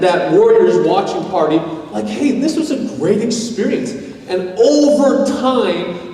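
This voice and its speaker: A male pastor preaching a sermon in an animated way, acting out everyday scenarios. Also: sits high. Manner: animated, acts out scenarios in quoted voices. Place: church sanctuary. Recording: echoey church hall, mic heard from a distance.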